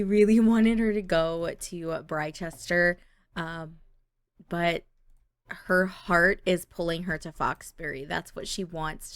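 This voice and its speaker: Woman game host, slow, giggly casual commentary, dry close mic. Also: lowish voice, no room sound. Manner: chatty, giggly, addresses viewers fondly. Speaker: life-sim game let's-play host.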